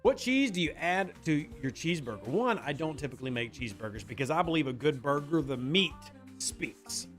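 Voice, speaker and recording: An American man talks loosely to his stream chat, reading out viewers' messages and answering them. His voice sits high and swings widely in pitch. A little music plays quietly underneath. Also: animated, a little fast. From United States. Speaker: game streamer. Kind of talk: casual live-stream chat.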